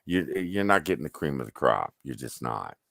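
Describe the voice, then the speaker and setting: Man, very low voice, lively ups and downs, profane storyteller. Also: moderate pace, vocal fry, dry recording. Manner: profane, animated storyteller acting out quotes. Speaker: livestream host. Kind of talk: casual storytelling chat.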